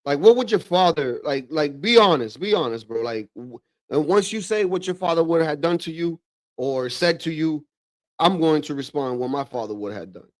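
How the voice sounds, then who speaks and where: A man's voice: on the high side, normal speed. A man hosting a livestream, reacting in slangy, casual commentary and calling everyone bro. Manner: slangy, keeps saying bro, animated asides. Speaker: livestream host.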